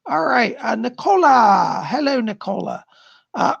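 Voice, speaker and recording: A man's voice: high-pitched, expressive, slow pace, vocal fry, fairly bright tone, breathy edge, no echo, dull audio. A man hosting a live-stream and giving psychic readings in a chatty way, reading out viewers' questions and relaying spirit messages. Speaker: psychic livestream host.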